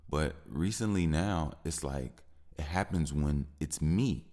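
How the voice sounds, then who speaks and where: Very deep, gravelly-voiced man venting. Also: slow pace, darkish tone. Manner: frustrated, repetitive, rising into heated stretches. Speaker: podcast host. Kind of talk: personal venting monologue.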